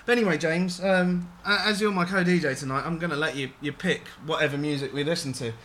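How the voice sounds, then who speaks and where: A man's voice: fairly high pitch, fairly even intonation, fairly quick, fairly bright tone, a little hiss or hum. A man hosting a radio show, chatting in a rambling way with restarts and the odd swear word. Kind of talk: casual radio chat.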